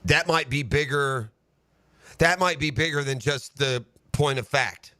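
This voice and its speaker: A man hosting sports talk radio from a studio mic, breaking down a game in an animated rant that climbs into shouting. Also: mid-range voice, measured pace, no room sound. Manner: animated ranting, building to shouts. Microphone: studio broadcast microphone.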